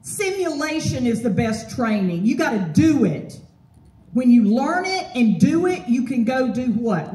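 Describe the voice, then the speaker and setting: A woman giving a motivational property management seminar, energetic, often posing fill-in-the-blank questions to the audience. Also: high-pitched. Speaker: property management trainer and speaker. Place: event hall with an audience. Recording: roomy hall, voice from far off.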